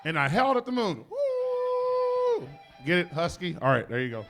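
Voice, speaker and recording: A man's voice: a little high, very animated, fast, over loud music. A man hosting a stand-up comedy show, telling loose, rambling, profane jokes on a club stage.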